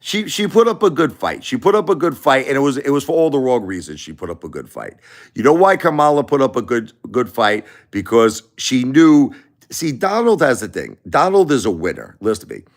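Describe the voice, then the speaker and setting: A man's voice: mid-range voice, sing-song, a little fast. A middle-aged man hosting a livestream, talking bluntly and emphatically, often repeating himself. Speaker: livestream host. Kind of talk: casual opinion talk.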